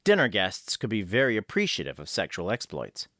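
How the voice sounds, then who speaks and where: Male narrator, lively rising and falling delivery, lowish voice, dry close sound. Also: a little fast, no echo. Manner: expressive storytelling. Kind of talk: scripted audiobook narration.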